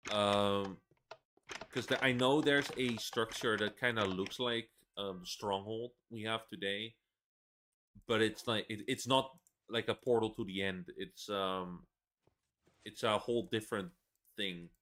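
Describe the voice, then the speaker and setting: A man's voice: lowish voice, steady tone, measured pace, a bit bright. A man in his twenties giving casual, rambling gameplay commentary, swearing a lot and laughing between rants. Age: 20s. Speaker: gaming video creator.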